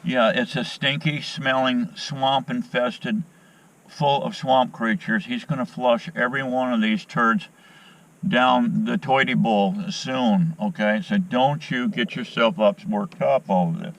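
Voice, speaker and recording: A man's voice: medium pitch, unhurried. A man telling a rambling story outdoors at a fishing spot at daybreak, repeating and restarting his words as he goes. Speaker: outdoors vlogger. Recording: voice a bit distant from the mic.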